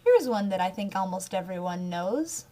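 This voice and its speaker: Young american woman vlogging, chatty and giggly, talks with her hands, mid pitch voice. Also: sing-song, normal speed, warm tone. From United States. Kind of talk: casual talk to camera.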